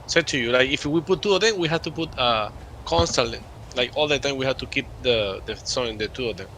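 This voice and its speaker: Casual gamer guy, quick, gravelly and bright, thinking out loud. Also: medium pitch, slight background noise, poor audio. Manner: thinks aloud, restarts sentences. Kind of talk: casual chat while gaming.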